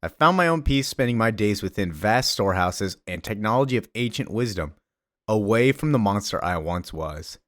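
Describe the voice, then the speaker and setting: A reproachful Hulk, as a man puts him on, speaking plainly. The voice is low. The sound is dry. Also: expressive, normal speed, fairly bright tone, no echo. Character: disappointed male Hulk, later weary Bruce.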